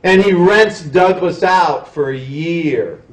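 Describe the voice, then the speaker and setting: A man's voice: on the high side, slow pace. A man, a history professor, giving a public lecture, talking in a discursive way with frequent restarts and self-corrections. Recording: roomy hall, mic at a distance.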